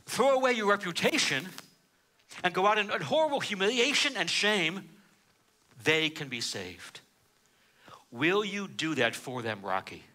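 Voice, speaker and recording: Casting: a man playing a solemn priest, low and earnest, bright edge. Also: full character voice. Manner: low, grave, earnest pleading. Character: earnest male prison priest pleading quietly.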